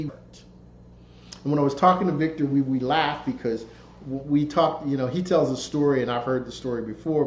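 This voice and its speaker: A man narrating his own book in a conversational storytelling way, relaxed and folksy, with restarts and repeated phrases. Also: medium pitch, roomy sound, highs cut off, slight background noise.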